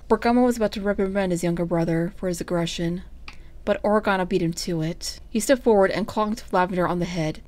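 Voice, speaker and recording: A woman narrating a fanfiction story aloud in a steady storytelling way. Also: on the low side, quick pace. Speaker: fanfic reader.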